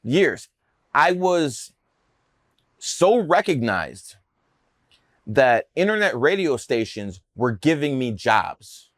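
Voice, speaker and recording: A man's voice: mid-range voice, big pitch swings, slow pace, long pauses, fairly bright tone, no room sound, clean studio sound. A man telling stories about his numerology career in a brash, profane, boastful way on a podcast. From Cleveland area, USA. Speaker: numerologist guest. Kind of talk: casual podcast storytelling.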